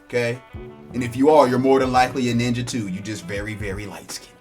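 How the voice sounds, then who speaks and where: A man's voice: mid-range voice, steady tone, quick pace, a little mellow, soft background music. A man giving a blunt, profane, mocking rant of political commentary. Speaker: online commentator.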